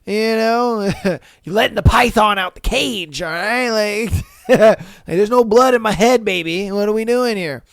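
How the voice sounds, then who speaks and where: A man's voice: high voice, unhurried, no echo. A young man hosting a podcast, reacting to listener stories in a loose, slangy way, swearing and laughing often. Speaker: podcast host. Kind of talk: casual podcast commentary reading listener stories.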